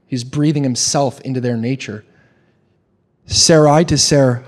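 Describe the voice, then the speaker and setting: A young man preaching a sermon, animated, with quick restarts and questions put to the congregation. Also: mid-range voice. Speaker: pastor.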